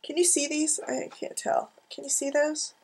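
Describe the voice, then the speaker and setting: Woman, high voice, casual rambling chat, giggly asides, home craft desk, desk camera. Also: level tone, normal speed, darkish tone. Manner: chatty, giggly, self-mocking asides. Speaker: art journaling vlogger.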